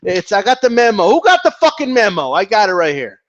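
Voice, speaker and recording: A man rants on a casual vlog in a high voice that swings up and down a lot. He swears freely and often restarts his sentences. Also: a little fast, muffled recording, background noise. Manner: animated, profane, rambling with restarts. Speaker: boxing commentator.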